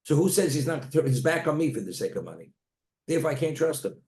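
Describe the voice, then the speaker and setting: A man's voice: a little high, sing-song, fast talker, a little mellow. A man, a rabbi, teaching a Torah class, telling stories and weaving in Hebrew terms. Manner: storytelling, Hebrew terms woven into plain talk. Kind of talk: Torah lecture. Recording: echoey room.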